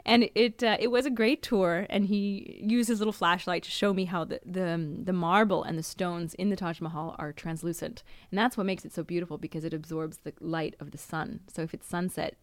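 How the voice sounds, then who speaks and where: A woman's voice: fairly low pitch, fairly even intonation, brisk, hardly any pauses, no room sound. A woman podcast host frankly telling a personal story, with small laughs and restarts.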